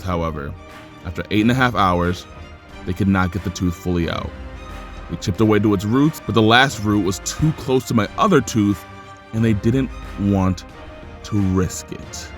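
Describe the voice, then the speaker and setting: A young man vlogging a storytime, animated and exasperated, his voice jumping up when he rants. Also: on the low side. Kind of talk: storytime vlog.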